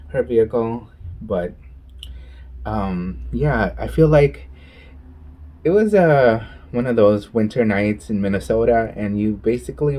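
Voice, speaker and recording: Chatty, mellow-voiced man vlogging a meal. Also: lowish voice, breathy edge. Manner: chatty, with gushing exclamations and smacking eating sounds. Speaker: mukbang vlogger. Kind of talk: casual eating vlog and storytime.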